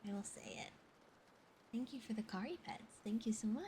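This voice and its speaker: A woman's voice: fairly high pitch, a little fast, pauses often, noisy background. A woman ASMR streamer chatting playfully with her viewers, often whispering, giggling and swearing casually. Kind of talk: soft-spoken ASMR livestream chat. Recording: rain ambience behind voice.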